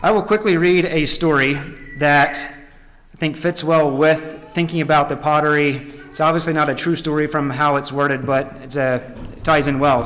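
A man's voice: a little high, fairly even intonation, normal speed, fairly bright tone. A man preaching a sermon in an earnest, reflective way, often restarting his sentences. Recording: echoey hall.

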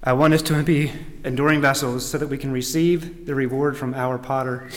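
A man's voice: mid-range voice, steady tone, a little fast. A man preaching a sermon in an earnest, reflective way, often restarting his sentences. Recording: echoey hall.

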